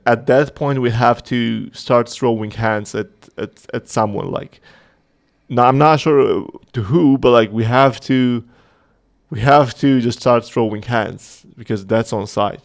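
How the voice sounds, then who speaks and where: Gravelly-voiced man chatting on a livestream. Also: mid-range voice. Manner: chatty, joking, reading chat aloud. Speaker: host of a community livestream. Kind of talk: casual livestream chat.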